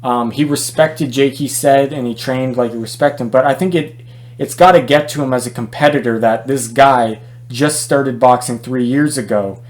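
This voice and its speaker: Male boxing vlogger, mid-pitched, opinionated and chatty, stumbles and restarts a lot. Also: normal speed. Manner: conversational, opinionated, many fillers and restarts. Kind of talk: casual opinion vlog.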